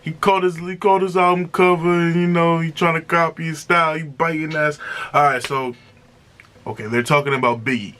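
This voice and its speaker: A man hosting a music reaction video, talking casually and excitedly, often repeating himself and breaking into exclamations. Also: on the high side, a little fast.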